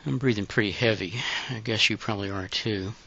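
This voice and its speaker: A man giving intimate guided audio instruction in a breathy, halting, unhurried way, on a dull lo-fi recording. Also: on the low side, sharp tone, slight background noise.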